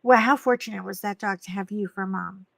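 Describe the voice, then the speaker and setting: A woman guest in casual chat, telling lively stories and acting out other people's lines. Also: medium pitch, fairly quick, vocal fry, no echo. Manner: animated storyteller, acts out quotes.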